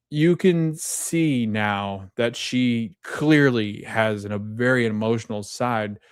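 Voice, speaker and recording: A man's voice: medium pitch, clean tone, dry recording, studio quality. A man hosting a podcast, casually recapping a TV episode and acting out quoted lines as he goes. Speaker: podcast host.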